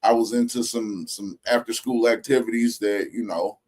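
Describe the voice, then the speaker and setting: A man from Indianapolis co-hosting a casual live stream, rambling through stories with drawn-out asides. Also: fairly low pitch, steady tone, a little mellow. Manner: rambling, storytelling, drawled asides.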